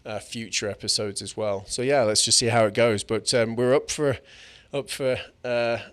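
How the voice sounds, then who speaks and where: A man's voice: mid-range voice, fairly even intonation, moderate pace, fairly bright tone. A man co-hosting a podcast in casual chat, musing tentatively and trailing off as he thinks. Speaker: podcast co-host.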